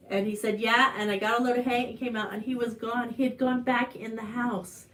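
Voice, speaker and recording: On a farm channel live stream, a woman with an Ozark American accent shares a personal story in a chatty way, with fillers and restarts. She talks a little fast with hardly any pauses, her tone steady and fairly bright, and her voice rises high when things get emotional.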